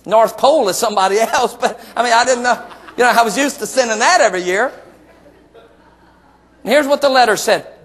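A middle-aged man preaching a sermon as pastor, moving from hushed personal storytelling to shouted, emphatic exclamations. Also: extremely high pitch, moderate pace, long pauses.

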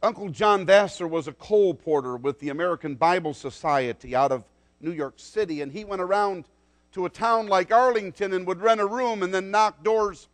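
A man preaching a sermon, dramatic and swinging between loud declarations and soft, low asides.

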